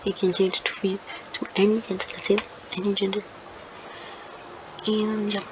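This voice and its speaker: A woman's voice: mid-range voice, moderate pace. Rambling woman on a dull noisy recording. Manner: rambling, hesitant, searching for words. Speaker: channel host. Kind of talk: improvised fan-fiction storytelling. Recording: dull lo-fi recording with steady noise.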